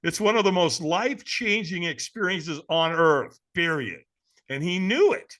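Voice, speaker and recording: Man, podcast guest, dramatic storyteller, swinging pitch, bright tense tone. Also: a little slow. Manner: lively, dramatic, laughs through his story; casual, addresses the host as man and brother. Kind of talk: animated personal storytelling.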